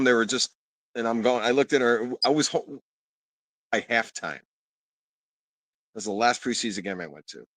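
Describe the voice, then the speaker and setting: A man's voice: medium pitch, fairly bright tone, no echo. A man rambles through his thoughts as a guest on a video call and trails off mid-sentence. The sound is dry and close, with no room around it. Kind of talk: casual chat.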